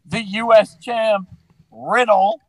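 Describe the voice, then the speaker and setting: High-voiced podcast host guy, chill, passes topics around. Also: slow, no echo, rough recording. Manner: easygoing, hands topics to others. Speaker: podcast host leading the segments. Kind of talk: casual podcast chat.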